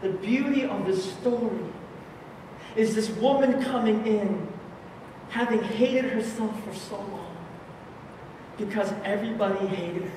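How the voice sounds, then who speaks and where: High-voiced impassioned preacher in echoey hall. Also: male voice, far from the mic, background noise. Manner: slow, impassioned storytelling, swinging between loud and hushed. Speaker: pastor. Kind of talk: sermon at a conference. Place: large conference hall.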